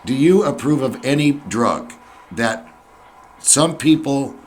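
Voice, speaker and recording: A man's voice: medium pitch, animated, slow. A man interviewing a guest in a folksy, rambling way, telling stories and jumping between thoughts.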